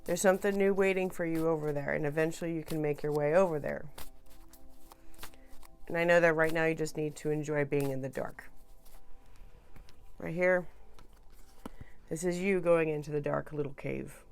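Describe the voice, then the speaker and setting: A woman with a low, smooth voice talks through a tarot reading like a chat with a friend. She drifts soft and then jumps louder, restarting her phrases. Faint music plays behind her. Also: moderate pace, long pauses. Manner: chatty and soothing, with frequent restarts and swings between soft and loud. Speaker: tarot reader. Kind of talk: casual tarot reading to camera.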